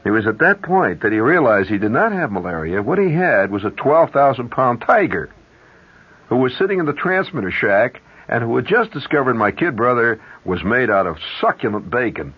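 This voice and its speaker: A husky male radio host whose voice leaps up and down as he spins a rambling yarn and breaks off for asides. The sound is dull and muffled, like an old 1970s radio broadcast. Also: medium pitch, sing-song, moderate pace. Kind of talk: storytelling monologue on radio.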